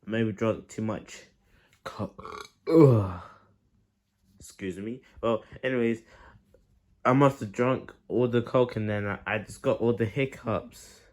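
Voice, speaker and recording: A man's voice: on the low side, slow pace, pauses often, a little mellow. A man voicing a plush-toy plumber hero who keeps gasping with hiccups in a homemade skit. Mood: hiccuping.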